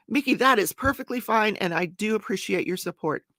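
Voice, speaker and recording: A woman's voice: mid-range voice, expressive, brisk, bright, forceful tone, dry recording, clean studio sound. An older woman hosting a casual home livestream, chatting and laughing as she greets viewers by name. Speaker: livestream host.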